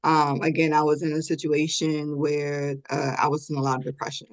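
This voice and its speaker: A middle-aged woman telling a personal story in a podcast interview, earnest, with many fillers and soft laughs. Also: low-pitched, monotone, normal speed.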